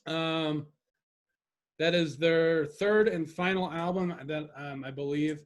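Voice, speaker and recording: A man's voice: a little high, slow. A young man co-hosting a podcast in laid-back casual chat, with lots of ums and easy laughs. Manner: laid-back, filler-heavy, laughs along. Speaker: podcast co-host.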